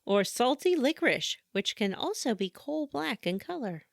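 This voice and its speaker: A woman co-hosting a gaming podcast, reading trivia and teasing her co-host in a dry, deadpan way. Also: fairly high pitch, moderate pace, gravelly, no room sound. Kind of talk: casual podcast chat.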